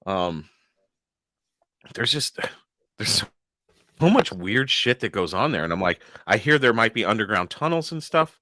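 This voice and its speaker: Lively laughing man, bright and dry. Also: on the low side, measured pace, long pauses, no echo. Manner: laughs often, swears freely, acts out silly voices. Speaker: podcast co-host. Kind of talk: casual chat.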